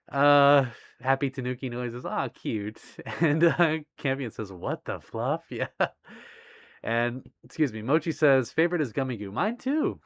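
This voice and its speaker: Male streamer, casual chat reading viewer messages, laughs a lot, lively pitch. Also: a little slow. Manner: giggly, bashful, laughs often between remarks. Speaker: livestream host.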